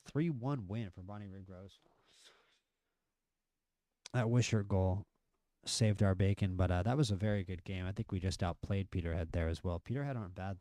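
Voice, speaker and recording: Male game streamer with a low, smooth voice, chatty live match commentary, excitable at big moments. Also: dry recording, clean studio sound. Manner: chatty, excitable at near misses and goals.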